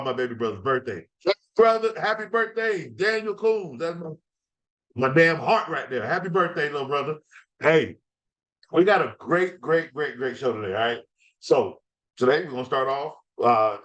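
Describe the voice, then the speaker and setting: A man hosting a fantasy football podcast, talking in an excited, casual way, repeating words and using slang. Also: mid-range voice. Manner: energetic, repeats words, slangy trash-talk style.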